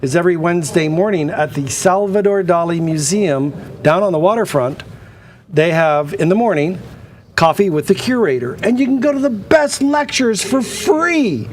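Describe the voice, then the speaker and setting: Male auction host, slightly high voice, anecdotal rambling studio patter. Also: animated, normal speed, slight background noise.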